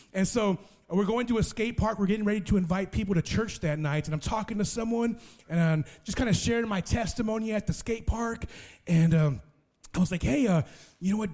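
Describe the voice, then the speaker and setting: Young male preacher, high voice, animated storyteller acting out voices, banter with the crowd. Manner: animated, acts out dialogue, playful asides to audience. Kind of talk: sermon storytelling.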